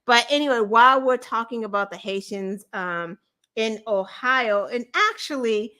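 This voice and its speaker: Woman host, high bright voice, incredulous profane rant. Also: unhurried. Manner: animated, incredulous, profane, laughing asides. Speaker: podcast host. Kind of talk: casual political commentary.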